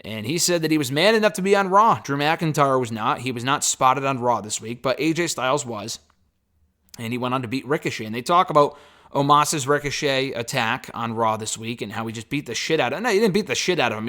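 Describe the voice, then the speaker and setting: A man's voice: mid-range voice, lively intonation, brisk, pushed and bright. A man reviewing a wrestling talk show alone in a casual, blunt and opinionated way, rambling loosely with fillers and the odd curse. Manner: blunt, opinionated, a bit profane.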